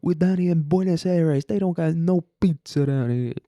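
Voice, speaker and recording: Brief: a hammy Italian-American tough guy, brassy and much higher than normal, put on by a man. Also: normal speed, dark tone, no room sound, studio quality, natural voice. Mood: goofy. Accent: Italian-American, put on badly. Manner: brash, exaggerated, goofy.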